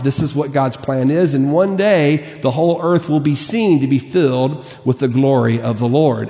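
A man's voice: fairly high pitch, dark tone. A man preaching a sermon, reading scripture aloud and then explaining it earnestly, stressing key words and correcting himself as he goes. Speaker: pastor. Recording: long reverb of a church hall.

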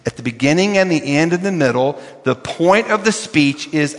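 Emphatic older pastor preaching in a reverberant sanctuary. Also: male voice, fairly high pitch, lively intonation, normal speed, hardly any pauses. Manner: emphatic, repeats key words for effect. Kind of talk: sermon.

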